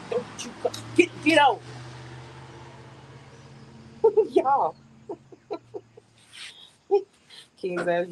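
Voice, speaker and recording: A woman's voice: on the low side, a little mellow, rough recording. A middle-aged woman hosting a casual outdoor live stream on her phone, chatting to viewers and laughing often. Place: outdoors in a yard. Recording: faint outdoor noise with crickets.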